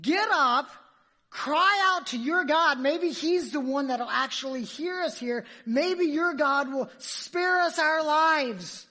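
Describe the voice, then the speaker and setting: A woman voicing a frantic male ship captain who shouts urgent orders during a sermon. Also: high voice, slow, pitched above the performer's own voice, exaggerated voice. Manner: urgent, demanding.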